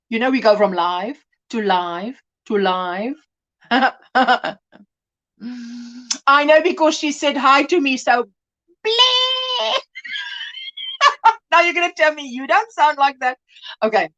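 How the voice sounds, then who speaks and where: High, unhurried, giggly woman livestreamer. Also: a bit bright, lo-fi sound. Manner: chatty and giggly, laughs often. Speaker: crochet livestream host. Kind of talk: casual livestream chat, reading out viewer comments.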